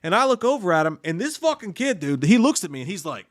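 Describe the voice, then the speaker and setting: A man's voice: high voice, big pitch swings, fast, no echo, clean studio sound. A man co-hosting a casual live stream, reading viewer comments aloud and telling stories with animation and plenty of swearing. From United States. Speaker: podcast co-host reading chat.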